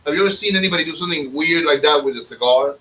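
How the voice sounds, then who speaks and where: A man from Cuba hosting a casual cigar podcast, talking in a profane, animated way and acting out other people's lines as he tells stories. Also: fairly high pitch, rapid-fire, reverberant, far from the mic, rough recording. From Cuban. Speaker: podcast host.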